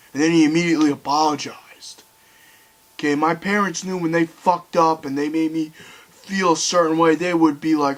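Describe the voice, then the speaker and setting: Husky young man ranting angrily. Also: medium pitch, fairly bright tone, low-quality recording. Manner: heated, swearing, voice rising and falling sharply. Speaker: video commentator. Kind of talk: angry rant to camera.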